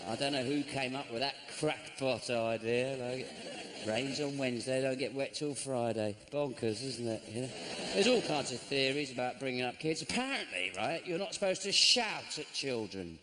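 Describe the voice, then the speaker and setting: A sardonic middle-aged comedian performing stand-up on a theatre stage, his voice climbing and dropping all over the place. It is a live recording, with the loud hum of the audience hall filling the background. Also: animated, normal speed. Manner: dry, sardonic delivery with sudden squeaky high mock voices. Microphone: stage microphone.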